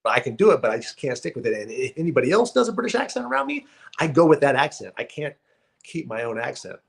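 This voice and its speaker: A man, an actor guest, telling stories in a casual interview chat, animated and laughing often. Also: medium pitch, fast, creaky.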